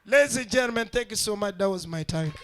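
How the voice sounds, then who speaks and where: A man doing stand-up comedy with a high, bright voice. He tells his story with animation and slips into character voices for the people in it, speaking into a stage mic. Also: animated, quick pace, slight background noise.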